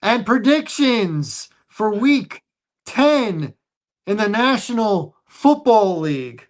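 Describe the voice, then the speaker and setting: Slow, deliberate sports show host. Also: male voice, sits high, sing-song. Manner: slow, deliberate, reads lines and odds. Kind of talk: casual sports picks chat.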